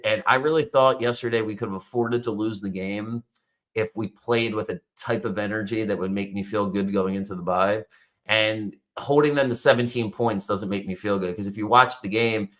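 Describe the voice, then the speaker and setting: A man's voice: on the low side, steady tone, normal speed, fairly bright tone. A man hosting a sports talk show, venting exasperated, swearing commentary about his home team's loss. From Baltimore area. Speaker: sports podcast host.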